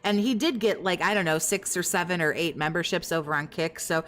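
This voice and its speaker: Snarky woman cussing over a stream clip, lowish voice. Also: a little fast, a bit bright, a little hiss or hum. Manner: sarcastic, profane, laughing. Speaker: commentary host. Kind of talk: mocking commentary.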